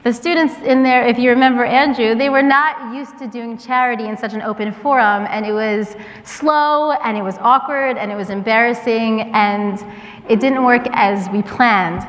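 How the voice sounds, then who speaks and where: A woman with a slightly higher voice recounts a story from a gala stage, earnest and reflective. Her words carry a long hall reverb. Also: moderate pace. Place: large banquet hall.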